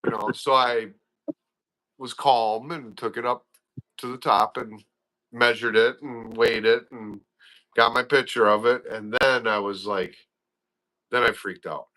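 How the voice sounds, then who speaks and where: A man chatting as an interview guest, telling fishing stories excitedly and acting out his own reactions. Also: medium pitch, unhurried, long pauses. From Wisconsin. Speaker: guest, father of a young angler. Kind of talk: casual chat, animated fishing stories.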